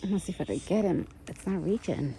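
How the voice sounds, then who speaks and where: A woman's voice: fairly low pitch, animated, fast talker, creaky, dark tone, a little hiss or hum. Woman cooing at backyard wildlife outdoors. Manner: coos sweetly at animals in a raised baby-talk voice. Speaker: vlogger feeding wild animals. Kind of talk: casual chat. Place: outdoors in a yard by woods.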